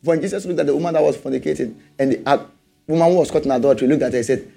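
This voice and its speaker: A man's voice: mid-range voice, fast talker, gravelly, warm tone, soft background music. A man preaching a sermon, calling for amens and hammering out repeated questions. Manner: call-and-response, rising to emphatic repeated questions.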